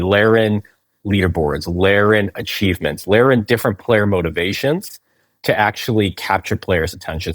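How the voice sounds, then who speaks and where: Low-voiced man explaining, dry sound. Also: dry recording. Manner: explanatory, frequent "right?" and restarts. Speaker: game company founder, guest. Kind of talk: conversational interview.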